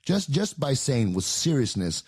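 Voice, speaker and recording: A man's voice: medium pitch, big pitch swings, unhurried, darkish tone, husky, no room sound, clean studio sound. A man in his thirties telling a story in casual podcast chat, rambling with many fillers and restarts. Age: 30s. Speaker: podcast co-host.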